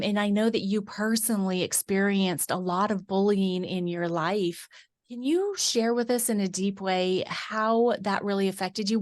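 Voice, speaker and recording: A woman with an Idaho accent hosting an interview over a video call, encouraging and playful with her guest. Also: medium pitch. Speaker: interview host.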